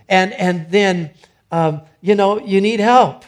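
A man's voice: high-pitched, slow. A middle-aged man preaching a sermon in a conversational way, often restarting his sentences. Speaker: pastor.

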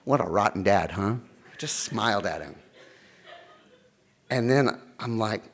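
Unhurried and pausing often, a middle-aged pastor with a mid-range voice delivers a sermon full of stories, bringing each character to life by performing their voices.

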